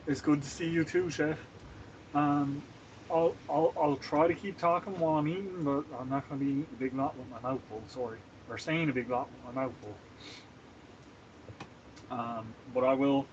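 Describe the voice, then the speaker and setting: A man's voice: medium pitch, dull audio, slight background noise. A man from Canada chatting casually on a live stream while he cooks, laughing often and greeting viewers by name.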